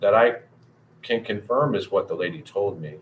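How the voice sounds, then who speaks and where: Low-voiced man rambling to his livestream chat. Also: moderate pace, dull audio, a little hiss or hum. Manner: rambling, swearing, talks to chat by name. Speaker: livestream host. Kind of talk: casual livestream chat with viewers.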